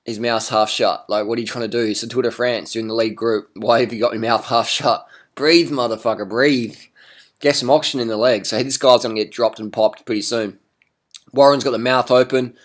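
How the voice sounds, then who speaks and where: Man, mid-pitched, casual and blunt, salty language, for off-the-cuff race commentary. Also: fairly even intonation, fairly quick. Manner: blunt, swearing, teasing. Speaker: cycling commentator. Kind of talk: casual video commentary over race footage.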